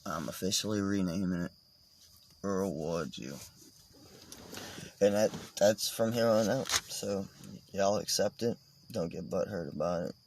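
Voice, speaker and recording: A man's voice: low-pitched, unhurried, pauses often, a little mellow, slight background noise. A man vlogging in a casual, meandering monologue, swearing and joking as he goes.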